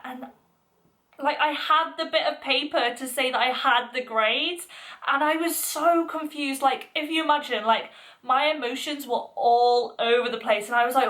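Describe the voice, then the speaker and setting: A woman's voice: high voice, bright, forceful tone. A young woman vlogger chatting through a personal story in a casual, filler-heavy, emotional way. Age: young adult.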